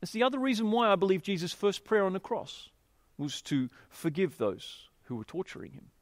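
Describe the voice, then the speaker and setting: A man preaching a sermon, telling a scripture story and explaining it in an expressive, emphatic way. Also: high voice, fairly quick, no echo, studio quality.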